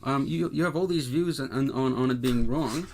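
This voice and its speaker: A man's voice: mid-range voice, normal speed. A man from Canada, co-hosting a casual political podcast and talking emphatically, often repeating words as he starts a point. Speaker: podcast co-host.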